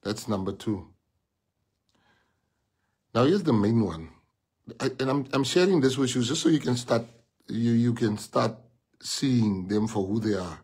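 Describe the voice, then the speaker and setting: A man's voice: mid-range voice, lively intonation, measured pace, long pauses, a little mellow, husky. A South African man giving an emphatic, repetitive speech to party members, retelling past events with quoted dialogue. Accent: South African English. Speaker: party leader addressing members. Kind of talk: rally speech.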